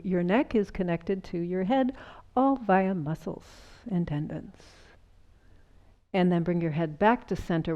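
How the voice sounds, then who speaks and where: A woman teaching a chair yoga class, calmly guiding movements and explaining the breath and the body. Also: on the low side, lo-fi sound. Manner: calm, explanatory, gently encouraging. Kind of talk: guided exercise class.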